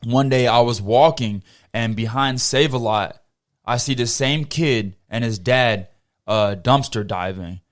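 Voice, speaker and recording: Unhurried and medium-pitched, this male podcast host spins a story with casual animation and plenty of profanity.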